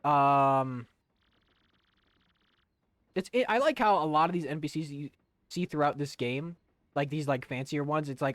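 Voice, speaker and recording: Young man, casual game stream chatter, jokey, slightly high voice, dry close mic. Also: lively intonation, moderate pace, pauses often, no echo. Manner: rambling and jokey, breaking into silly voices. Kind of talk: casual let's-play commentary.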